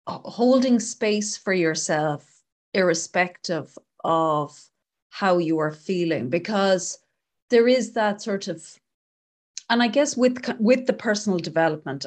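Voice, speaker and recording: A woman hosting a casual conversation, speaking in a thoughtful and expressive way. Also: mid-range voice.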